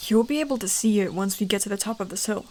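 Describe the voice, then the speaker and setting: A woman voicing a gruff, curt young male druid prince in a whispered role-play. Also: mid-range voice, fast talker, a little mellow, natural voice. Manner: curt and grumbling.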